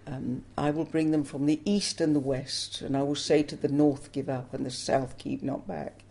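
Older woman with a gravelly voice. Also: sits low, level tone, moderate pace, dark tone. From England. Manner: earnest, emotional storytelling. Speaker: interviewee. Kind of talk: personal testimony interview.

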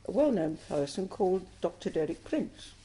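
A woman's voice: fairly low pitch, very animated, normal speed, dark tone, slight background noise. An older woman from England, telling her life story in an interview with earnest emotion. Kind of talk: personal testimony interview.

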